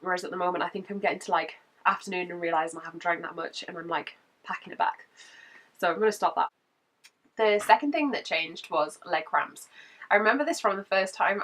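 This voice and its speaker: Croaky woman vlogging. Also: lowish voice, fairly bright tone, recorded from a distance. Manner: chatty, laughs between points. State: croaky from a cold. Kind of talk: casual chatty update.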